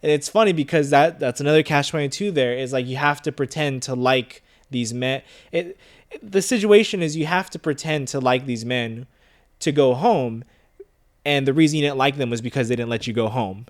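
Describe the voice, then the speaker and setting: A man's voice: mid-range voice, a little fast. A man co-hosting a casual movie review chat, thinking aloud in a rambling way with many fillers. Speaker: podcast co-host.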